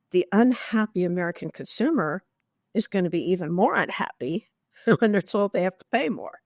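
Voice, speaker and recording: A woman answering interview questions at an even, measured pace, leaning on key words and posing rhetorical questions along the way. The sound is close and dry, with no room around it. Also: lowish voice, no echo. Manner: measured, explanatory, with emphatic stress and rhetorical questions. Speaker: guest expert.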